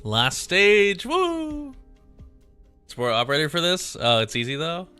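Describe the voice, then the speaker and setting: A man's voice: on the high side, wildly swooping pitch, unhurried, bright, forceful tone, clear, resonant tone, faint music behind. A man streaming a game, reading the story aloud and chatting casually, laughing off his own slips.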